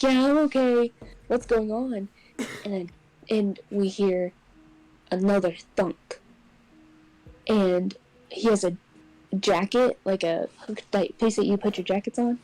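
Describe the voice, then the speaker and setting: A young woman casually telling a personal ghost story on a podcast, getting animated when she acts out what people said. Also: medium pitch, slow, long pauses, dry recording, poor audio. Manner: animated, acts out quotes in raised voice. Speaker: podcast co-host.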